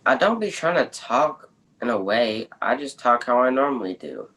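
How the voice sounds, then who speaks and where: Teen guy doing a chill stubborn kid, slangy and blunt, mid-pitched everyday voice, improv stage bit. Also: very animated, normal speed, pushed and bright, breathy edge, heavily acted, rough recording. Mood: earnest. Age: teens. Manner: casual slangy street talk. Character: laid-back teenage boy Jamal, blunt and stubborn.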